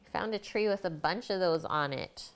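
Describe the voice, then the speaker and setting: This woman's voice sits on the low side, clear and resonant, at a normal speed. She's hosting a live cooking stream from her kitchen, making casual conversation and answering viewers by name while she cooks.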